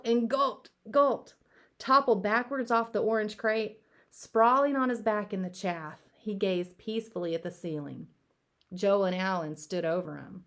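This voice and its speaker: A woman's voice: medium pitch, fairly bright tone. A woman reading a children's novel aloud for elementary school students, telling the story expressively.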